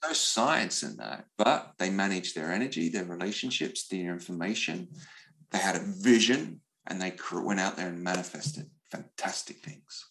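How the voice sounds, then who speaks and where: A middle-aged man speaking as an interview guest, telling stories in an animated way, often repeating words as he goes. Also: sits low, moderate pace, creaky, poor audio. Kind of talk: conversational storytelling.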